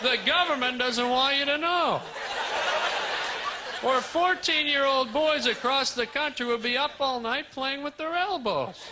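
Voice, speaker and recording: A man doing a stand-up comedy set on a club stage, animated and teasing the crowd. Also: very high voice, unhurried. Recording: live club recording, audience laughter and noise.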